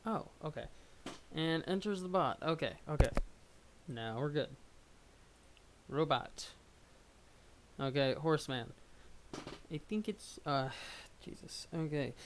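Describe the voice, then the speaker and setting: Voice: mid-range voice, slow, long pauses, noisy background. A young adult streamer rambling at home while reading a webcomic live. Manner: rambling, self-deprecating. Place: at home, under a blanket.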